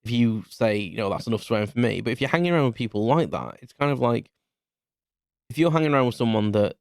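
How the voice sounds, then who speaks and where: A British man around forty talks alone on his podcast in a candid, rambling flow, spinning a personal anecdote. His voice sits at an ordinary mid pitch. The recording is dry and close, with no room sound. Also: a little mellow, no echo. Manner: rambling, chatty storyteller. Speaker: podcast host. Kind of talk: candid solo podcast monologue.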